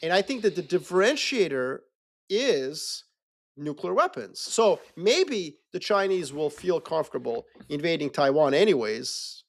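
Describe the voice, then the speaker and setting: A man talking politics in a loose, animated way, swearing freely and acting out quick mocking voices. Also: fairly high pitch. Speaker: podcast co-host. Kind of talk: casual geopolitical discussion.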